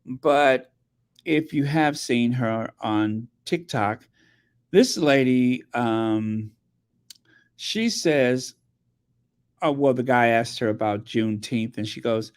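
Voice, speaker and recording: Slow, hesitant male commentator. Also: medium pitch, clear, resonant tone. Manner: hesitant, many fillers and restarts. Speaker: channel host. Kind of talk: casual commentary.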